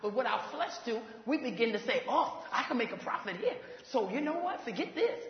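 A woman in ministry telling a faith testimony, animated and laughing as she goes, acting out what others said. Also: on the high side, brisk. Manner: animated, laughs while talking, acts out quoted voices. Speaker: ministry leader. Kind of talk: testimony storytelling. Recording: echoey hall, dull lo-fi sound.

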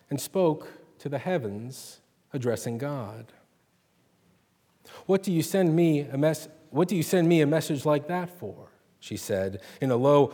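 A man's voice: on the high side, darkish tone. Man reading a story in an echoing hall. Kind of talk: reading and retelling a short story.

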